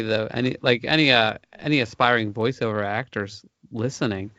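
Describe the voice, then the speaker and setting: A man co-hosting a podcast, asking questions in a relaxed, rambling way. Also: mid-range voice, normal speed, dry recording. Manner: relaxed, rambling, many fillers. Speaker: podcast co-host. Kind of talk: casual podcast interview. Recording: dry, muffled sound.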